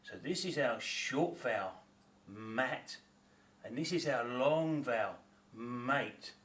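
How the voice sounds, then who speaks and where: A man's voice: mid-range voice, expressive, normal speed, a bit bright. A man with an Australian accent teaching a phonics lesson, patiently sounding out letters and words.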